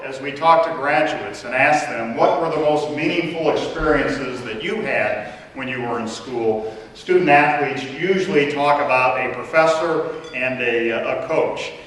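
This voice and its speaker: A man giving formal opening remarks at a conference as a college president, measured and pausing with fillers. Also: mid-range voice, a little hiss or hum. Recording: echoey hall, distant mic.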